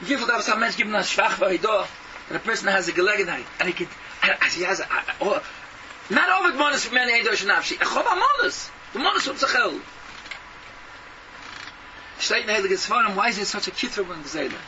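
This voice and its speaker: A man delivers a fervent, scolding sermon full of rhetorical questions. His voice sits very high and swings widely. He is heard from a distance on a noisy recording. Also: big pitch swings, quick pace, pushed and bright, lo-fi sound. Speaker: preacher. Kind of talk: impassioned sermon.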